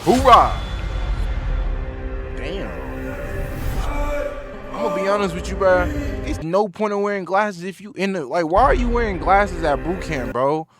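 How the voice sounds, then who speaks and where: A man's voice: high voice, animated, unhurried, long pauses, over music, a crowd in the background. A young man streaming himself as he reacts to a video, talking in loose slang and often laughing. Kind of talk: casual reaction chat.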